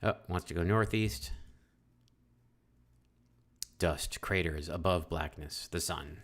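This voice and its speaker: A man with a very low voice talks his way through a text adventure. He reads the game text aloud and thinks out loud in a chatty way, with lots of fillers and restarts. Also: slow. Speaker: let's-play host. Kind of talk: casual game playthrough, reading text aloud.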